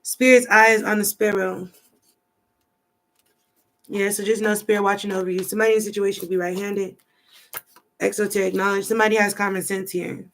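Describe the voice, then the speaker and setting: A woman's voice: mid-range voice, flat delivery, a little fast, pauses often, a bit bright, a little hiss or hum. A woman giving a rambling, chatty tarot card reading, thinking aloud as she goes. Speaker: tarot reader.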